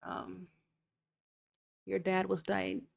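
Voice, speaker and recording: A woman's voice: mid-range voice, monotone, drawn-out words, vocal fry, slightly rough, no room sound. A woman hosting a live check-in, reading viewer comments and talking candidly and directly to her audience. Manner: candid, talks straight to viewers with "y'all". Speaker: channel host.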